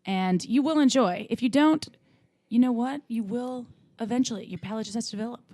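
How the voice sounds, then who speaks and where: Playful higher-voiced woman co-host. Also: a little fast, dry recording. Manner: playful, jokey, animated. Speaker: podcast co-host. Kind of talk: casual chat.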